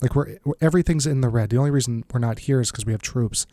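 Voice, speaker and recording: A man's voice: medium pitch, quick pace, dark tone, no room sound, clean studio sound. Stuffed-up man musing over a strategy game. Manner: thinks aloud, muttering asides. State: stuffed-up nose. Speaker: let's play host. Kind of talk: casual strategy game commentary.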